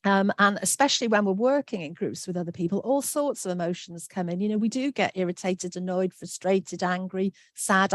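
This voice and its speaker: A woman's voice: mid-range voice, no room sound, clean studio sound. A woman giving an online workshop talk, friendly and reassuring, reading out answers from the chat. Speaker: workshop presenter.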